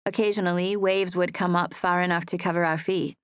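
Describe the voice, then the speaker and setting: Woman narrator for a romance audiobook, soft and wistful, lowish voice, dry studio sound. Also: fairly even intonation, fairly quick, clean tone, dry recording. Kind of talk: first-person romance narration.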